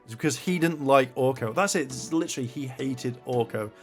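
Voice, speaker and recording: A man's voice: mid-range voice, brisk, faint music behind. A man reviewing a show in a blunt, rambling rant full of swearing.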